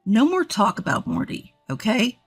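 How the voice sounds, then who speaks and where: Cold dismissive husband as a woman puts him on, curt, irritated, slightly high voice. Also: huge pitch swings, normal speed, slightly rough, soft background music, heavily acted.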